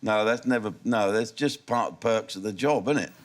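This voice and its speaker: A man's voice: fairly low pitch, normal speed. Man, 60s, comedian, cheeky, self-amused, TV studio interview. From England. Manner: joking, laughs at own punchlines. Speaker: comedian guest. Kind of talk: candid interview banter. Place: television studio.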